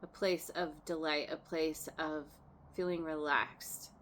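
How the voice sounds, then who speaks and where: A woman's voice: deep voice, steady tone, slow, a bit bright, slight background noise. A woman doing a casual tarot reading, chatty and laughing often, trailing off and restarting her sentences as she turns cards. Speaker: tarot reader.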